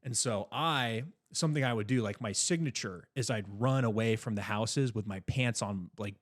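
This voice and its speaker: A young man co-hosting a podcast, telling a story in a casual, animated way, swearing freely. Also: on the low side, normal speed. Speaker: podcast co-host.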